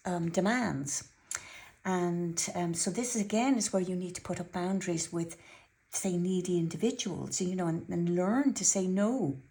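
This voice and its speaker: A woman's voice: mid-range voice, vocal fry, a little mellow. A woman giving an earnest, chatty weekly tarot reading and telling a personal story, often repeating herself. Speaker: tarot reader.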